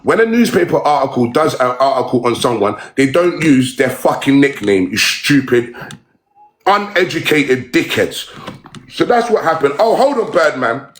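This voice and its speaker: A man's voice: mid-range voice, big pitch swings, moderate pace. Angry swearing man ranting. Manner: aggressive, swearing, repetitive taunts. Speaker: livestreamer. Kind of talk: angry livestream rant. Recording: roomy echo.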